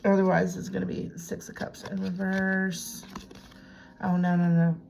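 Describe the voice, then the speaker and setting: A woman's voice: lowish voice, little pitch movement, measured pace, creaky, slight background noise, rough recording. A woman doing a casual tarot reading at home, chatting to herself and dipping into whispers. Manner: chatty, self-talking, drifts into hushed whispers. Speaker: tarot reader. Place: home room with a piano desk.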